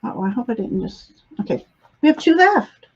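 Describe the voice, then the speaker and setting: Woman, psychic reading, gentle, encouraging, slightly high voice, muffled webcam audio. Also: very animated, normal speed, slightly rough. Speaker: psychic reader. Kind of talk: live spiritual reading.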